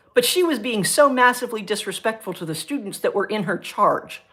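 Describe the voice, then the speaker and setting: A middle-aged woman, a former science teacher, chatting on her livestream and telling a story from her school days in an animated, ranting way. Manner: animated, ranting storyteller with big pitch jumps. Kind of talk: casual chat on a livestream.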